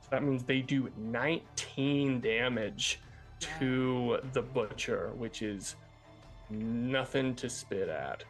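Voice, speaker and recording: A man narrating a tabletop game as game master in a relaxed, filler-heavy way. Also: mid-range voice, slow pace, faint music behind.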